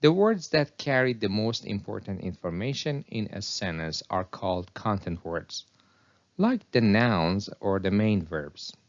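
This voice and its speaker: A man narrating a scripted English pronunciation lesson, reading example sentences slowly and deliberately. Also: lowish voice, animated, muffled recording.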